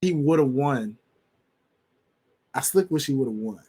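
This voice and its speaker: A man's voice: mid-range voice, lively intonation, a little slow, noisy background. A man co-hosting a wrestling podcast, chatting casually with slang and acting out quotes in funny voices. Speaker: podcast co-host.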